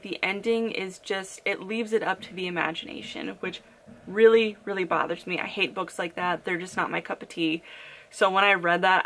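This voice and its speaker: A young woman chatting on her book vlog about a novel she disliked. Her pitch sits mid-range but swings up and down a lot as she gets worked up. She talks in a casual, opinionated way, full of "like" and little asides. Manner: animated, opinionated, frequent "like" fillers and laughs. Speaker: book vlogger. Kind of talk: casual book review chat.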